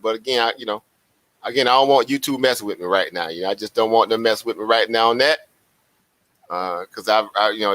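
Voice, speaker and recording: A man chats to his livestream viewers. His voice is bright and forceful, and he is animated and preachy, repeating his phrases. The sound is dry and close. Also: medium pitch, dry recording. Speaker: livestream host. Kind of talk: casual livestream chat.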